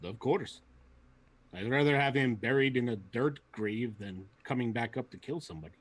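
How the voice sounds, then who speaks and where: Blunt, bold warrior priest, husky, played by a man. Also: mid-range voice, normal speed, lightly acted. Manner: blunt, plain declarations.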